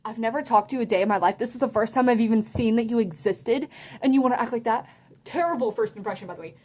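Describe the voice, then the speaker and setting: A teenage girl rants through a casual storytime, her voice sitting a little high. She talks with sass and animation, filling her sentences with "like" as she reacts to everything. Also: a little fast. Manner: sassy, animated, heavy use of "like". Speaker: vlogger.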